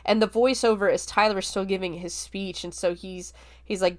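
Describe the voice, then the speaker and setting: A woman's voice: medium pitch, normal speed. Chatty woman recapping a film. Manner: chatty, heavy use of "like", relaxed swearing. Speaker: podcast host. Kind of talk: casual film review recap.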